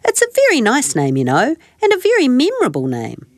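A woman voicing a kindly male rag doll toy who organises things, in a gentle storybook reading. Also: high voice, huge pitch swings, a little fast, no room sound, pitched above the performer's own voice.

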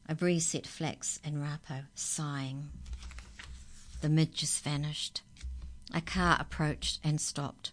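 A woman calmly reading a children's story aloud. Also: low voice, slow pace.

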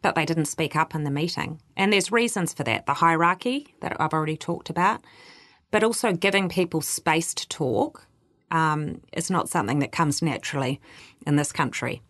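A woman's voice: sits low, expressive, moderate pace, a bit bright, dry recording. A woman with a New Zealand accent, answering interview questions as a workplace culture adviser, explaining patiently. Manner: explanatory, quotes others in livelier voices.

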